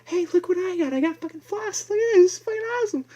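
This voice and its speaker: Super high squeaky kid voice, all giddy and mocking. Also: male voice, lively intonation, quick pace, warm tone.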